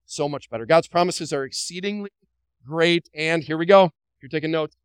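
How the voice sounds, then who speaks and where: A man's voice: fairly high pitch, moderate pace, smooth, no echo, poor audio. Man, pastor, sermon, emphatic, repeats phrases, asks the congregation questions, dry close sound. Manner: light joking asides.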